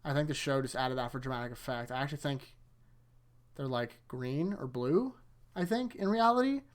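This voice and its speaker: Recapping episodes for his anime rewatch, this host wanders through loose, self-correcting explanations that stumble over themselves, chuckling frequently. He speaks at a normal pace in an expressive, mid-range voice.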